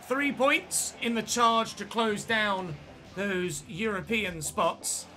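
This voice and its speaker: In a casual let's-play, a young gaming channel host commentates on a football video game like a match commentator, chatting away and fixing his own slips as he goes. He speaks slowly in a high, pushed, bright voice, and a little hiss or hum is audible.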